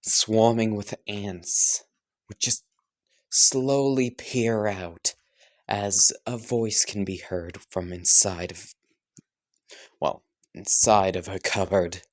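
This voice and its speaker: Slow rambling male storyteller. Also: lowish voice, fairly even intonation. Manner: slow, rambling, full of fillers and swearing. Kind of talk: casual improvised fan-fiction narration.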